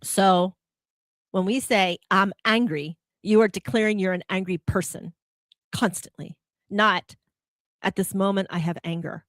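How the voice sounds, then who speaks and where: A woman's voice: medium pitch, fairly even intonation, measured pace, no room sound. Woman giving a spiritual pep talk, keeps firing questions at you, dry close mic, no room sound. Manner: probing rhetorical questions; acts out quoted complaints in a heated voice. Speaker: host.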